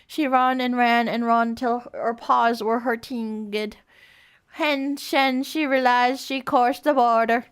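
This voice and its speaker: A woman's voice: fairly high pitch, fairly even intonation, takes it slowly, smooth. A woman streamer reading bad fanfic aloud, with giggly, incredulous comedic asides.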